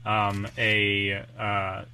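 Laid-back low-voiced game master. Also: male voice, completely flat delivery, very slow, bright, forceful tone, clear, resonant tone. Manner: laid-back, hesitant with fillers. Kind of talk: running a tabletop game over a voice call.

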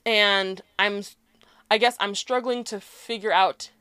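A woman's voice: mid-range voice, fairly even intonation, a little slow, pushed and bright, clear, resonant tone, no echo. A woman in her twenties co-hosting a podcast, talking candidly in a casual chat, turning sassy and fiery. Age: 20s. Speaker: podcast co-host.

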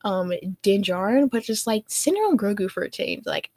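A young woman hosts her own podcast in a loose, casual chat. She gushes in a bubbly way and leans on "like" as she talks. Her voice sits at a middle pitch and sounds dry and close. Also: very animated, normal speed, darkish tone, dry recording. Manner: bubbly, gushing, heavy use of "like". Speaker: podcast host.

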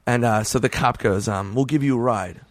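A man's voice: mid-range voice, fairly quick, dry recording. A man who is a comedian guest, telling swear-filled stories on a casual podcast and acting out the voices of the people in them. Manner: animated, swears a lot, acts out voices in stories.

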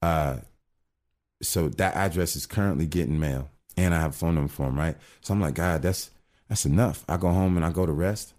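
A middle-aged man with a very deep voice shares his faith story in a casual conversation. He talks earnestly, often restarting his sentences as he goes. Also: a little fast, darkish tone. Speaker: guest telling his testimony.

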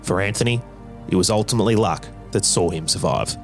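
Male podcast narrator, very low voice, measured dramatic script read over soft music. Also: animated.

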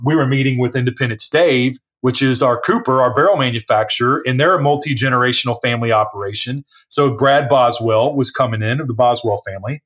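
A man who works as a distiller, telling stories conversationally and acting out what other people said. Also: medium pitch. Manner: animated storyteller, acts out other people's lines. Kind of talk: conversational storytelling.

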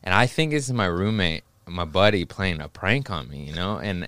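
A man's voice: low-pitched, expressive, normal speed, fairly bright tone, clean tone, no room sound. A young man telling a rambling, profane story in casual podcast chat, acting out the voices of people in it. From Los Angeles area. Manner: rambling, profane, acts out voices in his stories. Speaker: stand-up comic guest.

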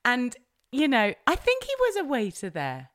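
A woman chatting casually, laughing often and telling animated stories. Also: on the high side, moderate pace, no room sound, studio quality. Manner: giggly, animated storyteller. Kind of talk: casual chat.

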